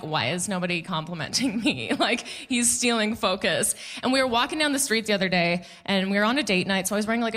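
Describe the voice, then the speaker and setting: A woman in her thirties performing a stand-up comedy set, telling stories with playful, animated delivery and mock voices. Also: medium pitch. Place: comedy club stage.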